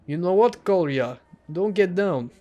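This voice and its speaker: A man's voice: sits high, lively intonation, measured pace, warm tone, highs cut off, voice pushed up. A man voicing a friendly male bartender who gives folksy, encouraging advice while reading a visual novel aloud.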